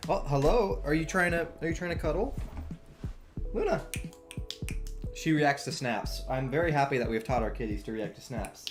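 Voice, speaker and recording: A young man streaming as he draws, chatting in a relaxed way, answering chat and laughing often. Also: on the high side, moderate pace, pauses often, over music. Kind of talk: casual chat while drawing on stream.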